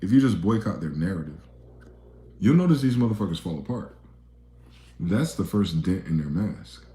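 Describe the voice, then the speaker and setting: A man delivering a blunt, profane monologue rant, swinging between loud outbursts and low, muttered asides. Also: animated, moderate pace, echoey room. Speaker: video commentator.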